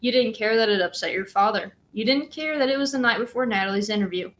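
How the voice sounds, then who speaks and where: A woman reading the lines of a quiet, calm, tearful mother in a storybook. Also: fairly high pitch, fast talker, natural voice.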